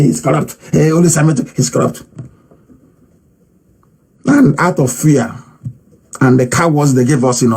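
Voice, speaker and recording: A man with a Nigerian accent giving a fiery, defiant political broadcast speech, repeating phrases for emphasis and sometimes shouting. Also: high-pitched, breathy edge. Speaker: political movement leader giving a live address.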